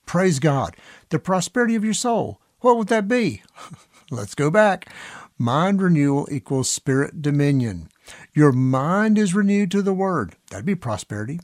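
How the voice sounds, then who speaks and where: Man, podcast sermon, emphatic, lively pitch, dry close sound. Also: measured pace, no room sound. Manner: earnest, emphatic, reads scripture aloud. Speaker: preacher.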